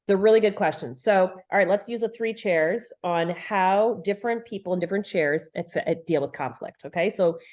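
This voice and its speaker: A woman's voice: medium pitch, normal speed, few pauses, darkish tone. Emphatic middle-aged woman explaining. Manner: earnest and emphatic, repeats phrases for stress, acts out quoted lines. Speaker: guest, leadership and relationship expert. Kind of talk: conversational podcast interview.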